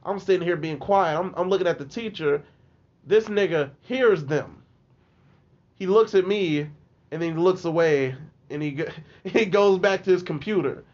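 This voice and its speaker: High-voiced man telling animated stories. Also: normal speed. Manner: animated, profane, re-enacts others' voices. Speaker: podcast guest. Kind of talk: casual storytelling. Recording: lo-fi podcast audio.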